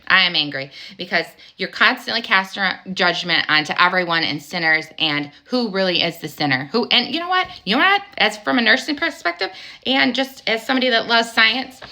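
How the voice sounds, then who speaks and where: A woman's voice: on the low side, gravelly, bright, forceful tone. A woman delivering an angry, emphatic spiritual monologue, firing rhetorical questions and swearing casually. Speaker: spiritual vlogger.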